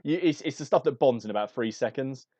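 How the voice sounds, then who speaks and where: A man's voice: mid-range voice, quick pace, mellow, no room sound. A man chatting on a podcast, rambling through a story with lots of restarts and chuckles. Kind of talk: casual chat.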